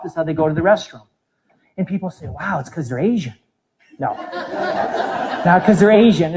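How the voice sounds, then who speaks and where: Lively high-voiced man in his fifties. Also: rough recording. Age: 50s. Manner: animated, demonstrating with his body as he talks. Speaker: fitness trainer. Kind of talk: live talk to an audience.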